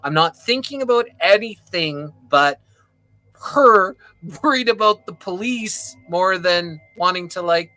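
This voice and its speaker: A man casually telling a dramatic personal story on a video call, getting animated and heated as he talks and swearing now and then. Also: high voice, a little slow, no echo, poor audio. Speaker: panel guest.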